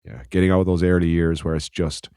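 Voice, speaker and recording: A man's voice: sits low, level tone, fast talker, dark tone, smooth. A man from Ireland, a podcast co-host, telling a rambling anecdote in casual chat, laughing and swearing as he goes.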